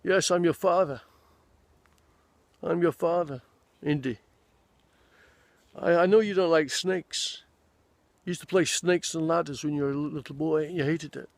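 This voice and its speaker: A man's voice: fairly high pitch, moderate pace, vocal fry, long pauses, dry recording, voice pushed up. A man putting on an old, fatherly film father with a slight lisp. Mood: teasing.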